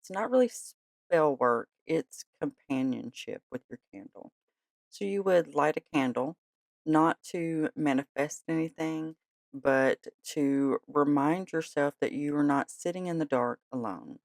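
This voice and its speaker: A podcast host in a gentle, chatty way of talking, tired and yawning late at night. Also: medium pitch, unhurried, vocal fry, no room sound. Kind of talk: casual podcast talk.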